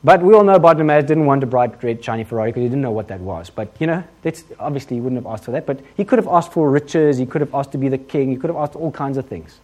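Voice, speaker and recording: A man with an English accent preaching a sermon in a conversational, humorous style, full of asides and lively retellings. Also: medium pitch, quick pace, hardly any pauses. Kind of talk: sermon with storytelling.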